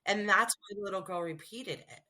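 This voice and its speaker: A woman hosting a podcast interview, asking curious questions and reacting eagerly with quick interjections. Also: mid-range voice, bright, forceful tone. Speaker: podcast host. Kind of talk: casual interview.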